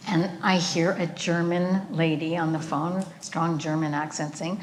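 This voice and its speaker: An older woman, a cellist and guest speaker, telling a personal story with slides at a remembrance event, unhurried and earnest with occasional fillers. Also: sits low, little pitch movement, a little hiss or hum. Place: event venue.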